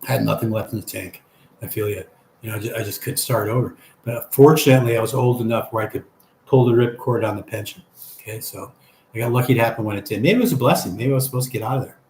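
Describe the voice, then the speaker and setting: An older man chats through a live stream, reading his viewers' comments out loud and responding in a chatty way. His mid-range voice is darkish and quick. The room echoes, and a faint hum runs underneath.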